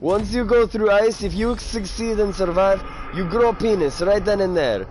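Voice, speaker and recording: Putting on a mock foreign accent, a man plays a boastful figure from a distant land who speaks broken English, delivered deadpan and lightly acted. His voice sits high at a normal speed, with slight background noise.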